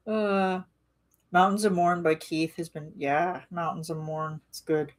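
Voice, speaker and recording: A woman's voice: lowish voice, slow, long pauses. A woman rambling casually in a live-stream chat with her viewers, full of restarts and fillers. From Canada.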